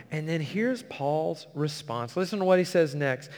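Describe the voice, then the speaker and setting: A man with a fairly high voice preaches a sermon, slowing down to read scripture with earnest emphasis. The sound carries a long reverb, like a large hall. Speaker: pastor.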